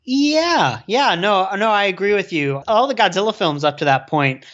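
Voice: medium pitch, expressive, normal speed, a bit bright, lo-fi sound. A podcast co-host chatting casually and enthusiastically about old monster films, with frequent fillers. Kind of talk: casual film discussion.

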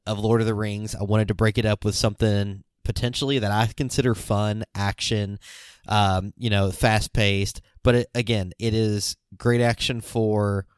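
A man hosting a casual podcast, with a fairly low voice. He speaks in a measured, friendly way, checking in with his co-host as he goes. The recording is dry and close. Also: steady tone, smooth, dry recording. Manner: measured, leans on "you know" and "right?". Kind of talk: casual movie review chat.

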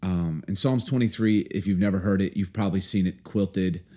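A man's voice: low voice, fairly quick, warm tone. A man in his forties, a pastor of long standing, talking earnestly on a podcast with many fillers and restarts, and reading scripture aloud.

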